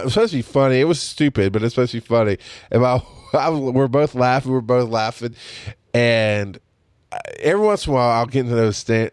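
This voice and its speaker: A man's voice: fairly low pitch, dry recording. A man hosting a podcast, talking in a candid, rambling monologue full of restarts. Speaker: podcast host. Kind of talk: casual solo monologue.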